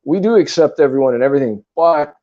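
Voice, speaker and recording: A man's voice: fairly high pitch, expressive, fast talker. Man, earnest lecturing tone, repeats himself, dull lo-fi audio. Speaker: guest on a spiritual talk stream. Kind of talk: casual spiritual talk.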